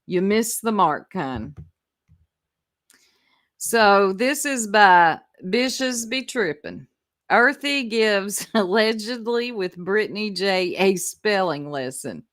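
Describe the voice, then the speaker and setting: Lady streamer, slow easy talk, laughs a lot, chats w viewers. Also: mid-range voice, expressive, a bit bright. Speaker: commentary streamer. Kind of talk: casual reaction commentary.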